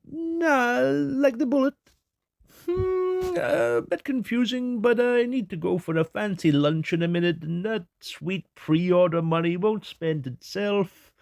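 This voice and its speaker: Guy doing silly high swoopy exec voices, lazy and careless, bit gravelly. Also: takes it slowly, a little mellow, no room sound, clean studio sound, heavily acted. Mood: offhand. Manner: bouncy, offhand, comic. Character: lazy, careless male toy company executives.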